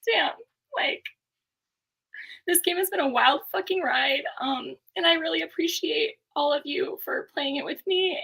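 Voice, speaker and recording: A woman's voice: sits high, a little slow, creaky, bright, forceful tone, low-quality recording. A woman thanking everyone as the game's winner, emotional and rambling, swearing freely. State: emotional, near tears. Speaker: game winner. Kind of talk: casual acceptance speech.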